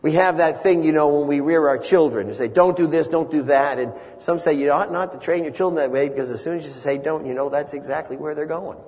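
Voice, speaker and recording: A man's voice: fairly high pitch, fast talker, hardly any pauses, darkish tone. A man preaching a sermon, earnest and building to emphatic repeated phrases. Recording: long reverb of a large hall.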